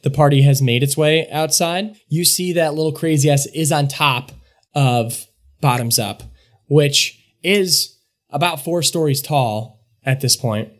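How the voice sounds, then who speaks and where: A man's voice: on the high side, measured pace. A man narrating as game master of a comedy tabletop game, loose and chatty with fillers.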